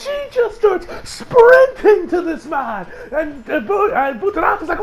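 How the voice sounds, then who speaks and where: A young man giving a casual, excitable recap of an anime episode, swearing freely and rambling with restarts. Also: very high voice, normal speed. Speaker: anime reviewer.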